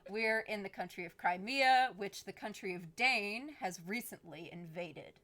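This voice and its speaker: A woman's voice: mid-range voice, a little slow, sharp tone. A woman hosting a live game stream, chatting casually with viewers, laughing often, and explaining the game as she goes. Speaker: streamer host. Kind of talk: casual live-stream chat while gaming.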